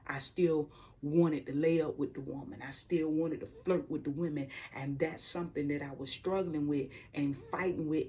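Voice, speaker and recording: A woman with a deep, low-pitched voice tells her personal faith testimony in a candid, slangy storytelling way. She talks straight to her viewers as she goes. Her voice sounds set back from the mic. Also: darkish tone, distant mic. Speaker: vlogger sharing a faith testimony.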